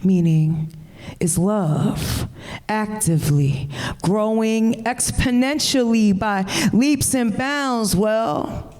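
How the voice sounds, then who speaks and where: A woman's voice: fairly high pitch, a little mellow. A woman poet performing spoken-word verse at a live event, with a rhythmic, chant-like delivery that breaks into loose, profane banter. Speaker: poet and co-editor.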